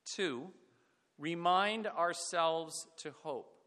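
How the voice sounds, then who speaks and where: A middle-aged man preaching a reflective sermon, falling to a hush on sad points. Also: on the high side, drawn-out words. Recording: long hall reverb.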